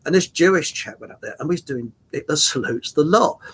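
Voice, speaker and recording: Older man, husky, slightly high voice, rambling stories, lots of ums, chuckles. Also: animated, fairly bright tone. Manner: rambling, halting with many fillers and restarts; chuckles through his stories. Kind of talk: anecdotal casual chat.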